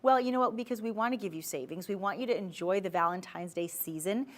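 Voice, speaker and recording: Talking fast in a medium-pitched voice, this shopping channel host delivers a live jewelry sales pitch in a TV studio. Her manner is chatty and persuasive, aimed right at the people watching.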